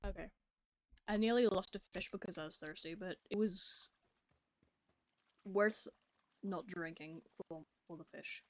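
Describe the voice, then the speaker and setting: A woman's voice: fairly low pitch, unhurried, long pauses, no room sound. Chatty woman streaming a game. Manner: chatty, talks to game creatures. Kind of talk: casual gameplay chat.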